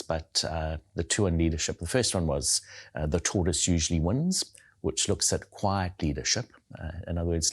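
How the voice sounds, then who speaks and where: Low husky man with a South African lilt. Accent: South African, softened by years in New Zealand. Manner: thoughtful, repeats words while searching for phrasing. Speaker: guest, leadership coach and theologian. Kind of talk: conversational interview.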